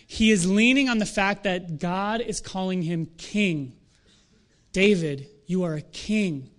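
A young adult man preaching a sermon in a conversational, animated way, with self-deprecating asides. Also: sits high. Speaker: pastor.

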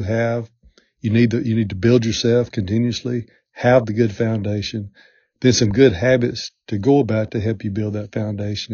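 Husky, mellow-voiced man coaching on a podcast. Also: lowish voice, no echo. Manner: earnest, repetitive coaching delivery. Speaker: podcast host. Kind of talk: motivational podcast talk. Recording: dull lo-fi sound.

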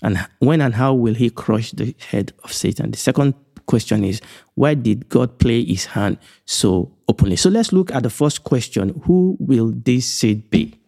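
A man from Nigeria giving a recorded Bible teaching. He speaks in a measured, emphatic way, repeats his key phrases and slows down on the big points. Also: mid-range voice, expressive, vocal fry, mellow. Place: indoors, recorded for an online broadcast.

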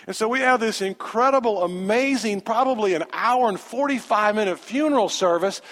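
A man, a pastor telling a story in a sermon with animated, conversational quoted dialogue. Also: sits high, normal speed. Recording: long hall reverb.

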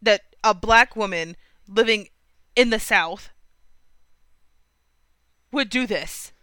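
Podcast co-host, woman, chatty and self-deprecating, bright and smooth. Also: medium pitch, takes it slowly, no echo. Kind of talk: casual movie discussion podcast.

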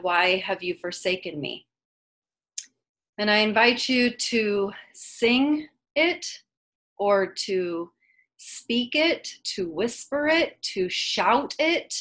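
A woman leading a contemplative online worship service, guiding breathing and inviting the group to join a prayer in a slow, calm, invitational way. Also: medium pitch. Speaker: worship leader.

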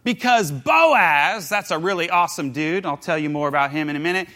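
A man preaching a casual sermon, retelling a story in an animated, jokey way and briefly acting out the people in it. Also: a little high, a little fast.

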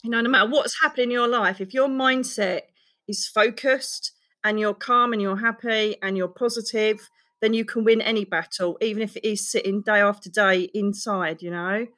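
A woman's voice: mid-range voice, fairly even intonation, moderate pace, sharp tone. A woman with an Essex accent, a guest on a chat podcast, effusive and laughing often as she talks. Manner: effusive, laughs often, calls people darling. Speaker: podcast guest, psychic medium. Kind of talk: casual chat.

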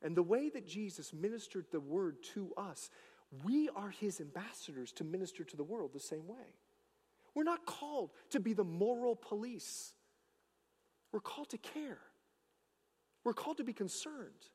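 Pastor, male, high and very lively delivery, emphatic sermon style, long church-hall reverb. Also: normal speed, husky. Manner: emphatic preaching, rising and falling between loud declarations and hushed asides.

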